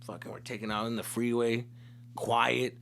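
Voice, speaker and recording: A man's voice: medium pitch, flat delivery, normal speed, vocal fry, fairly bright tone. A man from Tucson, Arizona, hosting a podcast and telling a comic story in a casual, swearing, slangy way with Spanish mixed in. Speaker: comedian host.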